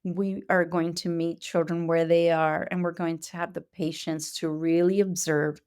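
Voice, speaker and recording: Woman educator, conference speaker; earnest, explains patiently, pauses often, voice sits on the lower side. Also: little pitch movement, darkish tone, smooth. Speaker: Montessori educator giving a talk. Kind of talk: conference talk.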